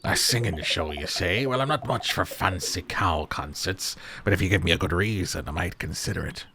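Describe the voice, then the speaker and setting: Male performer reads a deep old sea-dog villager for a cozy game, folksy, says laddie. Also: moderate pace, pushed and bright, a little hiss or hum. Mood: hearty. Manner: folksy, calls people laddie.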